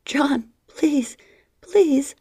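A woman voicing a young woman in her own story, high, breathy and pleading. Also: big pitch swings, measured pace, darkish tone, full character voice.

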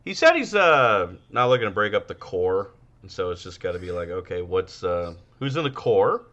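A man's voice: low-pitched, sing-song, moderate pace, a bit bright, highs cut off. A man co-hosting a podcast, chatting crudely and rambling with many fillers. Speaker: podcast co-host. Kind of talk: casual comedic chat.

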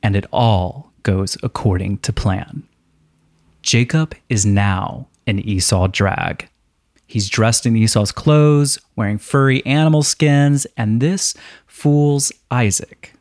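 A man's voice: medium pitch, takes it slowly, darkish tone, dry recording. Campy podcast guy, wry jokes then reads bible verses, dry close mic. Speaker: podcast co-host. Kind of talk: casual chat and scripture reading.

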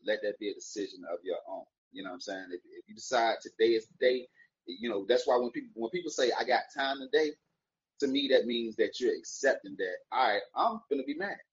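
A man's voice: fairly low pitch, fairly quick, lo-fi sound. A man talking casually and playfully to his viewers, rambling with jokes and wordplay while wishing them a good day. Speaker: vlogger giving daily encouragement. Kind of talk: casual motivational talk to camera.

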